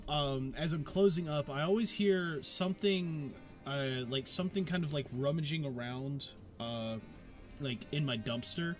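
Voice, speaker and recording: A man voicing a weary middle-aged male tavern keeper in a tabletop game, speaking haltingly. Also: on the high side, soft background music, close to an everyday voice. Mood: hesitant. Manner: halting, hesitant speech.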